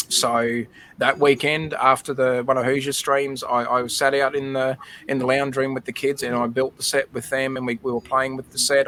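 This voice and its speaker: A man's voice: medium pitch, a bit bright, a little hiss or hum, low-quality recording. Australian man telling a nostalgic story. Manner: emotional, nostalgic, chatty with many fillers. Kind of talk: casual storytelling.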